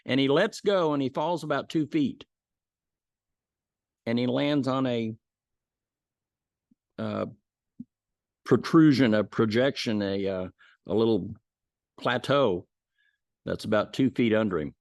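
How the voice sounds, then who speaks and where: Folksy male Bible teacher, mid-pitched voice, dry close sound. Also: slow, long pauses, a little mellow, no echo. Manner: folksy storytelling with restarts. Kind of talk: casual Bible lesson.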